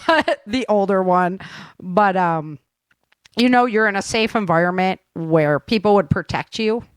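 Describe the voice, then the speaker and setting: A woman's voice: on the low side, no room sound. A middle-aged woman in a casual chat, telling stories with a laugh. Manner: chatty, laughing storyteller. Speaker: author and camp instructor.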